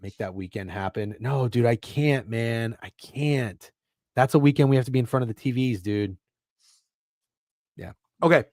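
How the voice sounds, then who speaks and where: A man's voice: mid-range voice, normal speed, dry recording, studio quality. A man co-hosting a casual sports betting chat, rambling and swearing freely. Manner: profane, animated, rambling. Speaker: podcast co-host.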